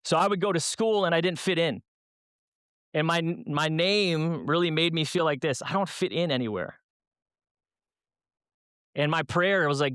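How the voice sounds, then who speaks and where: A man's voice: fairly high pitch, moderate pace, long pauses, fairly bright tone, clean tone, no echo, studio quality. A man from Minnesota speaking as a guest at a church youth night, telling funny stories and asking the room rhetorical questions. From Minnesota, USA. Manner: humorous storyteller with rhetorical questions. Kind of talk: youth talk at a church event.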